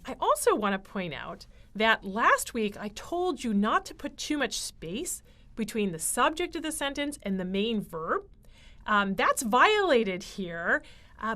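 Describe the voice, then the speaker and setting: A woman giving a writing lecture, explaining clearly with frequent fillers. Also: mid-range voice, a bit bright. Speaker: writing instructor.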